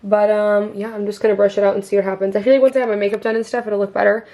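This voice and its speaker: A woman's voice: mid-range voice, level tone, racing, mellow. A woman in her twenties chatting casually to her camera at home, bubbly and full of fillers. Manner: chatty, bubbly, heavy use of "like". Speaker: vlogger. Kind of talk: casual vlog chat. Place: at home, indoors.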